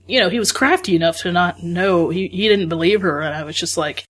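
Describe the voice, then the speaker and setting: A woman's voice: fairly low pitch, a little fast, few pauses, slightly rough. A woman co-hosting a podcast, chatting enthusiastically and acting out her own reactions. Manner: enthusiastic, animated retelling with quoted reactions. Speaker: podcast co-host. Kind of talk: casual chat.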